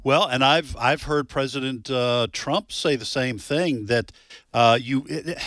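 A man's voice: mid-range voice, a little slow, a bit bright, no echo. A man co-hosting a radio show, chatting casually, trading dry quips with some hesitation. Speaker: radio co-host. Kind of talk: casual live studio chat.

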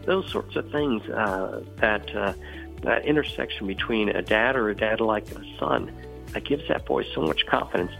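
A man's voice: normal speed, creaky, a bit bright, faint music behind, rough recording. A man, a ministry leader, telling earnest stories in an interview and acting out quoted dialogue. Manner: earnest, acts out quoted dialogue with rising pitch. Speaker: CEO of a boys' outdoor ministry, guest.

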